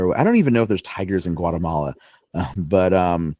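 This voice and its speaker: A man's voice: low-pitched, expressive, quick pace, dark tone, dry recording. A young man co-hosting a podcast, chatting casually and telling playful, joking stories. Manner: playful storyteller, joking and teasing. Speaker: podcast co-host. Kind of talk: casual chat.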